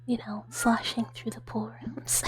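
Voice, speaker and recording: A woman streamer doing a whispered role-play, chatting softly with viewers in a breathy whisper and giggling often. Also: on the high side, flat delivery, unhurried. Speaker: ASMR streamer.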